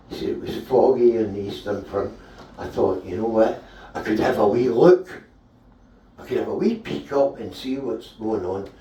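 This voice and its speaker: A man with a Scottish accent doing a stand-up comedy set with deadpan delivery. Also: mid-range voice. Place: small live comedy venue. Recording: roomy hall, voice from a distance.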